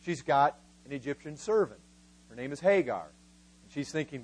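Male preacher, high voice, emphatic sermon delivery that slows for stress. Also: expressive, a little mellow, breathy edge, poor audio. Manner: emphatic, voices biblical figures in quotes, slows for key words.

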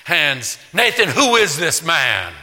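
A man's voice: fairly high pitch, sing-song, slow pace, pushed and bright, long reverb tail, heavily acted. A man acting out an enraged ancient king who swears vengeance. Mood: outraged.

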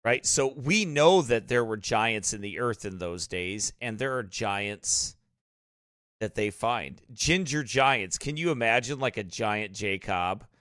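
A man with a rural American accent hosts a reaction video, exclaiming, repeating himself and preaching excitedly. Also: lowish voice, slow, no room sound, studio quality. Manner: repeats phrases, exclaims, wonders aloud. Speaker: host reacting to a documentary.

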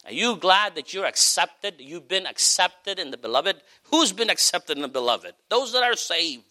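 A man preaching a sermon as pastor, passionate, swelling to high cries and then dropping low. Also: big pitch swings, moderate pace, sharp tone.

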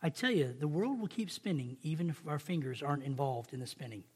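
A man giving an informal sermon to coworkers, talking conversationally, repeating phrases and checking in with a quick "right?". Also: on the high side, lively intonation, breathy edge. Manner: conversational, repeats and restarts phrases, stretches key words slowly; addresses listeners directly with "right?".

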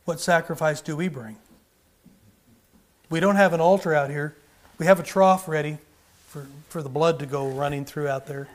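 A man's voice: fairly high pitch, normal speed, pauses often. A man preaching a sermon, driving his points with emphatic repetition and rhetorical questions.

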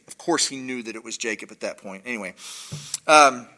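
A man's voice: mid-range voice, brisk, bright, forceful tone. A man reading scripture aloud and breaking off for casual asides of commentary.

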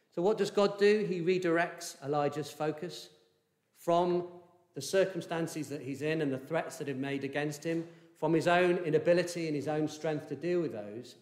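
A man preaching a sermon in an earnest, measured way, with fillers and restarts. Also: on the high side, reverberant.

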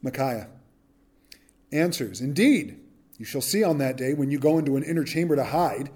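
A man's voice: mid-range voice, moderate pace, breathy edge. A man preaching a verse-by-verse sermon, reading scripture aloud and acting out the speakers in casual modern slang. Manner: animated, acts out quotes in modern slang. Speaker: pastor. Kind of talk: expository sermon.

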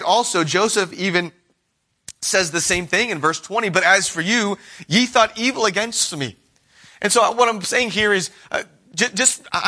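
Earnest preacher guy, high bright voice, reads scripture and does little voices for the people he quotes. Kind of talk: sermon.

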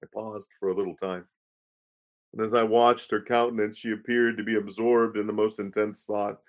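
Solemn male reader, measured. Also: fairly low pitch, little pitch movement. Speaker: reader of a pastor's memoir. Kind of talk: reading aloud a first-person story.

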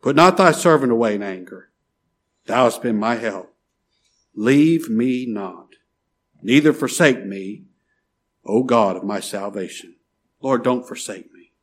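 A middle-aged man preaching a sermon, pleading and emphatic, swinging from loud rises to soft drops. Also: medium pitch, lively intonation, measured pace, pauses often. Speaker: pastor.

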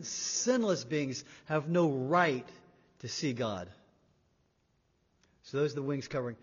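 A man preaching a sermon, emphatic, swinging between loud and quiet and repeating words for weight. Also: mid-range voice, slow pace, long pauses, slightly rough. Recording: dull sound in a reverberant hall.

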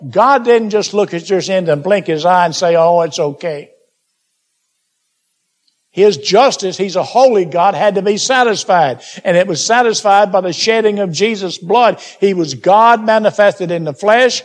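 High-voiced preacher man exhorting. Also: normal speed. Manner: exhorting, addresses listeners as beloved; reads scripture aloud in King James wording. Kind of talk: sermon.

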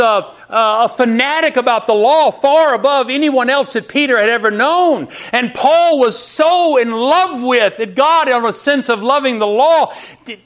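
A middle-aged male pastor preaches a sermon in a notably high, slightly bright voice at an unhurried, deliberate pace. He's emphatic and keeps turning to listeners with rhetorical questions.

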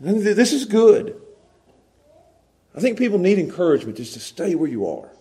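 High-voiced man preaching with emphasis. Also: big pitch swings, normal speed, dark tone. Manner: emphatic, repeats words when pleading. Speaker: pastor. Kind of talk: sermon.

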